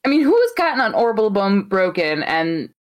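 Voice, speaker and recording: A woman's voice: mid-range voice, big pitch swings, a little fast. A woman co-hosting a podcast, chatting casually and making skeptical remarks. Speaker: podcast co-host. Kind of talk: casual chat.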